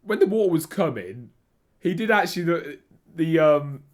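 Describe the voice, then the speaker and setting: A man's voice: a little high, animated, moderate pace. A man co-hosting a casual film review chat, talking hesitantly with many restarts. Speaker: podcast co-host.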